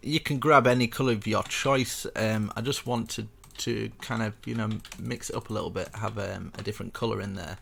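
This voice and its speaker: A young man with a low, gravelly voice talks viewers through a building tutorial in a loose, chatty way. He rambles between steps and pokes fun at himself as he goes. Soft keyboard clicks tick away behind him. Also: fairly even intonation, a little fast, few pauses, a little hiss or hum. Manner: chatty and rambling, self-mocking asides. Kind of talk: casual step-by-step game tutorial.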